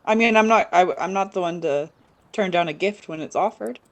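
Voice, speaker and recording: A woman's voice: fairly low pitch, fairly quick, highs cut off. A woman playing a tabletop game, joking and laughing often. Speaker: player. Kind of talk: casual tabletop play.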